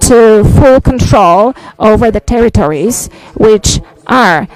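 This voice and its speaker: Polish-accented man giving a measured press statement. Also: high-pitched, lively intonation, poor audio. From Poland. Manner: deliberate, emphatic, frequent "uh" hesitations. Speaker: visiting head of state.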